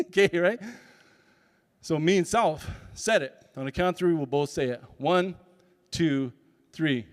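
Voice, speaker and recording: A man's voice: on the high side, unhurried, long pauses. A man, a speaker and comedian, telling a personal story at a summit and acting out the dialogue with animation. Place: large conference hall. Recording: long hall reverb.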